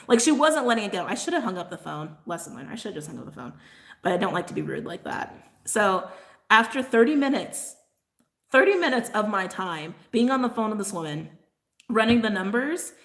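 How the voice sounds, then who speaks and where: A woman's voice: medium pitch, lively intonation, brisk, fairly bright tone. Woman, livestream host, casual chat; rambling rant full of "like", laughs, apologetic asides. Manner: rambling, ranting, heavy use of "like", laughs often. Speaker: tarot channel host.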